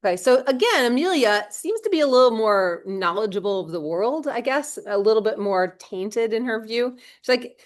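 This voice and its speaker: A woman's voice: on the high side, animated, normal speed, hardly any pauses. A woman teacher explaining a play to her class in a casual, chatty way, retelling lines in modern slang.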